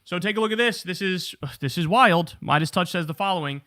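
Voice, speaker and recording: A man hosting a political talk show, giving animated, profane commentary and mocking the people he talks about. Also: high voice, fairly quick, no room sound, clean studio sound. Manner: profane, mocking and animated, laughing at his targets.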